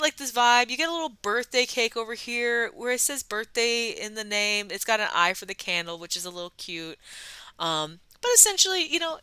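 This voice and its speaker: A woman's voice: fairly high pitch, bright, forceful tone, clear, resonant tone, no echo. A woman hosting a soda review vlog, telling a casual history with wry asides and frequent ums and uhs.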